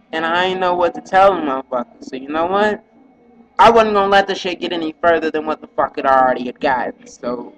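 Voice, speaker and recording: A man's voice: sits high, fairly bright tone, low-quality recording. A man telling a rambling, profane, agitated story in a casual vlog monologue.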